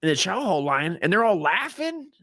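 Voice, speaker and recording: A man's voice: sits high, very animated, normal speed, bright, forceful tone. Male podcast host, loose and profane, rambles through stories with plenty of fillers. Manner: earnest when he gets serious. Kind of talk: casual storytelling.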